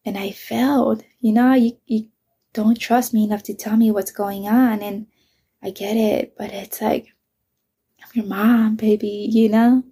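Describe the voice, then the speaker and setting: A woman's voice: fairly high pitch, steady tone, a little slow, dark tone, breathy edge. A middle-aged woman, a mother, candidly telling a painful personal story, swearing often and sometimes dropping to a whisper.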